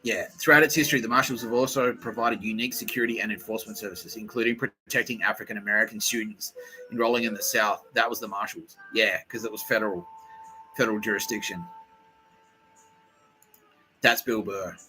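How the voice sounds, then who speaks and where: A man hosting a podcast, riffing in a profane, excitable, repetitive comedic monologue. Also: fairly low pitch, fairly quick, soft background music, poor audio. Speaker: podcast host.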